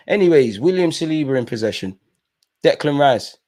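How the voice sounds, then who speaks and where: Young man, live match watch-along host, casual slang, excitable, mid-pitched voice. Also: fairly quick.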